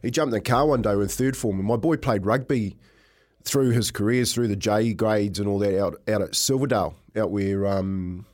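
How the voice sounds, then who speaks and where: A man's voice: lowish voice, moderate pace, a little mellow. A middle-aged man with a New Zealand accent, co-hosting a casual chat and telling a long story, rambling and saying "mate" a lot. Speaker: co-host.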